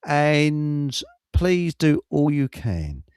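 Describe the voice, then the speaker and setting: A man's voice: a little high, sing-song, very slow, a little mellow, clean tone, no room sound, clean studio sound. An older man hosting a casual talk show, chatty and amused. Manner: chatty, laughs at his own jokes. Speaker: host.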